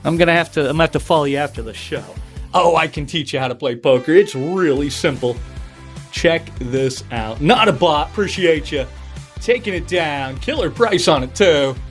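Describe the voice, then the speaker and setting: Over soft background music, a man with a fairly high voice and lively intonation runs a casual livestream sale at a moderate pace. This seller and breaker chats with viewers and does card tricks while keeping up his selling patter.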